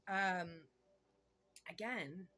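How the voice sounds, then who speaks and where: Woman tarot reader, bright edgy tone, loose and gabby, curses casually, thinks out loud. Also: lowish voice. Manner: chatty, excitable, swears casually, pauses to think aloud. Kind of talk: casual tarot card reading.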